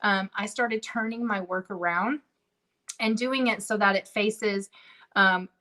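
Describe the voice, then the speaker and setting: A woman's voice: mid-range voice, a little slow, bright, forceful tone. A woman hosting a casual crafting livestream from home, chatty and bubbly, talking straight to her viewers. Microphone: livestream camera setup.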